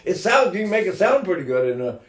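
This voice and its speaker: A man's voice: high voice, sing-song, quick pace, reverberant. An older man teaching singing in a casual, rambling way, breaking into sung vowels to demonstrate.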